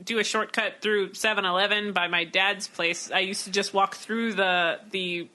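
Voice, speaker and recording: A woman's voice: mid-range voice, fairly even intonation, normal speed, sharp tone. A woman co-hosting a podcast, chatting in a breezy, joking way. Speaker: podcast co-host. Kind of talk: casual chat.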